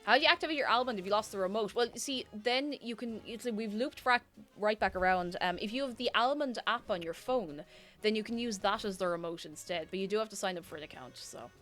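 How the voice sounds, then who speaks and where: A woman's voice: mid-range voice, fast talker, fairly bright tone, faint music behind. A woman streamer chatting casually with her viewers, rambling, giggling and poking fun at herself. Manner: rambling, giggly and self-mocking. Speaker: livestreamer. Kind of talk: casual chat reading viewer messages.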